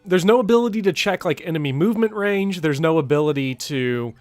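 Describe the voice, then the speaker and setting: Young man, gaming host, let's play commentary, excitable, dramatic, high-ish voice, dry audio. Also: no room sound, faint music behind. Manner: excitable, dramatic, quick to laugh.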